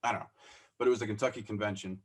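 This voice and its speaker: A man with a fairly low voice chats as a podcast guest, telling stories about his own business. He is animated and self-deprecating, and he acts out the dialogue in his stories. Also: rapid-fire. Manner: self-deprecating, laughs as he talks. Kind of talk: casual storytelling interview.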